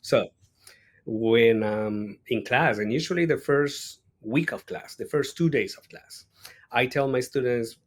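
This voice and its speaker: A man's voice: mid-range voice, unhurried. A man from Colombia with a Colombian Spanish accent, a teacher explaining patiently as an interview guest, with frequent "right?" tags. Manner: explanatory, uses many rhetorical "right?" tags. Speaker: ESL instructor, podcast guest. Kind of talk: interview conversation.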